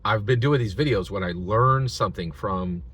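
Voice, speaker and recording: A man's voice: fairly low pitch, moderate pace, a bit bright, husky. A man giving casual, rambling commentary, acting out quotes in different voices as he tells a story. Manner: rambling with frequent restarts and filler words. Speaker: video commentator.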